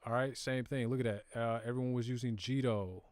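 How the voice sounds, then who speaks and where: A brisk man with a mid-range, steady, darkish voice is captured in a dry recording. Speaking with a Southern US accent, he runs a live crypto stream, walking viewers through charts and data in easygoing, slangy language. It's a conversational screen-share where he talks right to the audience.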